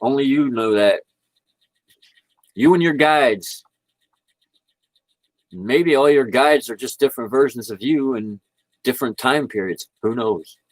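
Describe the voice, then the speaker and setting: A man's voice: mid-range voice, a little slow, long pauses, dry recording, low-quality recording. A man chatting casually about spirituality into his computer microphone, rambling and laid-back, laughing often. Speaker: vlogger. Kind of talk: casual spiritual livestream chat. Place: indoors at home, speaking into a computer.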